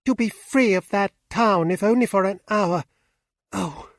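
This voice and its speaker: A man reading an audiobook, voicing a lively cheerful young woman driver with a light, laughing manner. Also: high-pitched, measured pace, no echo, studio quality.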